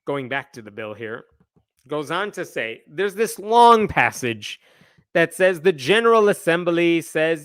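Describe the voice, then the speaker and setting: A man's voice: a little high, sing-song, a little slow, a bit bright, clean tone, no room sound, clean studio sound. A man hosting a live news roundup, giving wry, exasperated commentary and reading passages aloud.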